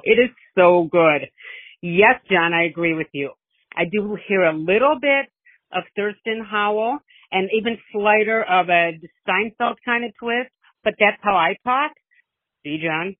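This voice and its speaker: A woman's voice: mid-range voice, dry recording. A middle-aged woman leaving a long, chatty voice message, gushing and rambling. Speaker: listener calling in with a voice message. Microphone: phone. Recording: tinny phone line.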